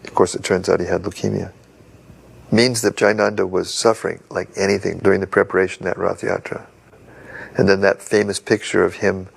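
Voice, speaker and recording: A man's voice: deep voice, creaky, breathy edge. An older man in an interview, earnestly telling a story from memory. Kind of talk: reminiscing interview.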